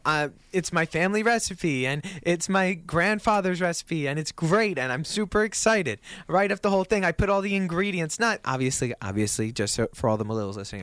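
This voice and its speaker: A man's voice: a little high, no room sound. A young man in his twenties co-hosting a radio show, telling a story in casual chat and acting out the quotes. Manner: animated storyteller, acts out quotes, laughs often.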